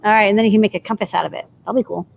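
A woman's voice: mid-range voice, fairly even intonation, very fast, gravelly, dull audio, slight background noise. A woman hosting a casual show, reacting briefly and moving each guest along. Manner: upbeat, brief reactions, moves things along. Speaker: host.

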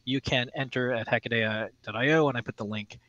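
Casting: mid-pitched man, chatty co-host, dry close sound. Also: fairly quick, fairly bright tone, no echo, muffled recording. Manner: chatty, rambling. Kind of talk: casual community news chat.

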